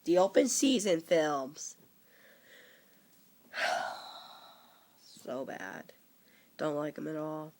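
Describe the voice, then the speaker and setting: A young man in his teens with a cold, rambling casually about movies he likes and dislikes, with frequent halting restarts. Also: fairly high pitch, expressive, creaky. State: coming down with a cold. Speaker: vlogger.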